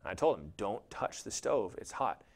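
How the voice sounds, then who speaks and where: Gravelly and on the low side, a male pastor speaks at a normal pace, turning his sermon into relaxed, humorous storytelling. He animates it by performing quotes in little character voices.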